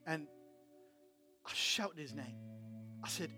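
A male preacher with a high voice tells a story from the pulpit. He swings from loud, excited bursts to hushed, quiet moments. Soft music plays behind him. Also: takes it slowly, long pauses. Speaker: pastor. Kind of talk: sermon storytelling. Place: church.

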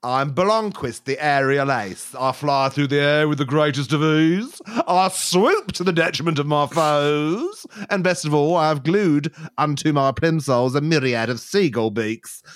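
Man doing Blomqvist, a booming third-person braggart. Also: a little slow, hardly any pauses, no echo, clean studio sound, lightly acted. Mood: grandiose. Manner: grandiose, speaks of himself in the third person. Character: pompous male aerial-ace gladiator hopeful.

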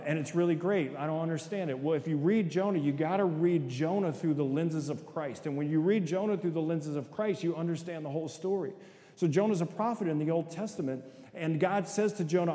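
The fairly high, mellow voice of a middle-aged man fills an echoey hall with long reverb during his sermon-style talk. He narrates stories, voices characters in quotes, and repeatedly asks listeners "right?".

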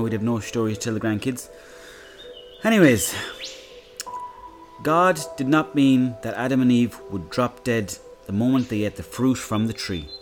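A man reading a Bible story aloud and breaking off into casual, sweary, irreverent comic asides. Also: medium pitch. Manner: casual, sweary, irreverent banter between read passages.

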